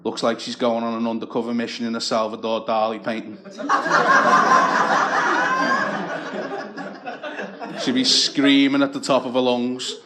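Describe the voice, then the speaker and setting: A man's voice: mid-range voice, big pitch swings, takes it slowly, pauses often, very noisy. A young man doing stand-up comedy, telling crude stories in a dry, anecdotal way.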